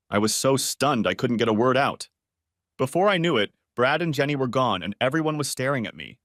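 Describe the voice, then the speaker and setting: A man reading a first-person story aloud as a channel narrator, in a steady, even manner. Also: fairly low pitch, a little fast, no echo, clean studio sound.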